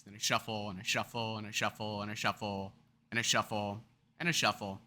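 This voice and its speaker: A man's voice: lowish voice, level tone, normal speed, bright, forceful tone. A man explaining a card game topic in a chatty, rambling, self-deprecating way, now and then acting out scenarios. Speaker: card game video creator.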